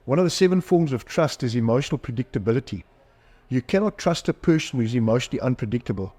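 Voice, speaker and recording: A man's voice: mid-range voice, expressive, quick pace, dark tone. A middle-aged man, a psychologist and author, talking candidly in a podcast interview, telling stories about himself and acting out the voices in them. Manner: candid, self-deprecating storyteller who acts out quoted dialogue.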